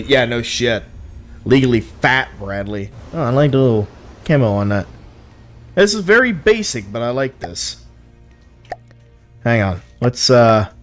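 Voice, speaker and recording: Lively-voiced male streamer, casually profane. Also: mid-range voice. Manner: profane, frank, easily amused. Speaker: streamer reviewing viewer builds. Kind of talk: casual live-stream commentary.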